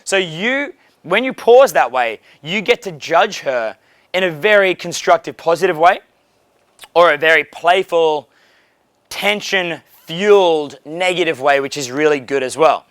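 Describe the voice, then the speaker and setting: A man in a hotel giving a casual coaching monologue about dating, blunt, profane and animated. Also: a little high, unhurried, dry recording, clean studio sound.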